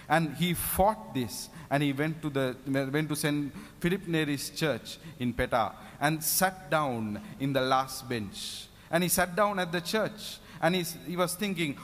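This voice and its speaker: A fervent male preacher, his voice sitting a little high for a man. He keeps breaking into hallelujahs between points. Long hall reverb trails every phrase. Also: a little slow, few pauses, fairly bright tone. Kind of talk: sermon. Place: prayer meeting in a reverberant hall.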